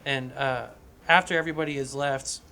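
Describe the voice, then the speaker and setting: A man co-hosting a podcast, casually pitching a comedy script with profanity and lots of restarts. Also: fairly even intonation, brisk, creaky, bright, forceful tone. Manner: rambling, profane, frequent restarts. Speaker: podcast co-host.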